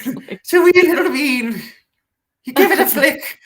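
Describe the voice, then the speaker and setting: A squeaky, giggling teacher, put on by a man, lectures small children in a lilting put-on Irish accent. The voice sits far above his own and breaks into giggles. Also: lively intonation, a little slow, fairly bright tone, full character voice. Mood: giggly lecturing.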